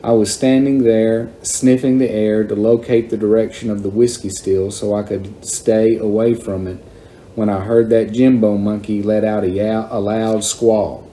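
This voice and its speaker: A man reading a chapter of a novel aloud in plain, unhurried first-person storytelling. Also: on the low side, flat delivery, dark tone, a little hiss or hum.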